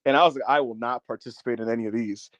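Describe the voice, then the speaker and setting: A man co-hosting a wrestling podcast, telling stories in casual chat and loudly mimicking other fans. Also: mid-range voice, rapid-fire, dry recording, lo-fi sound. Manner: animated storyteller, loud impressions of fans. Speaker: podcast co-host. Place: in Newark.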